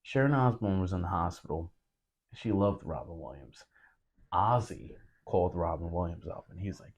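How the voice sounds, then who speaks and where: A man co-hosting a podcast, talking casually with halting restarts. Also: sits low, lo-fi sound. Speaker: podcast co-host. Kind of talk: casual chat.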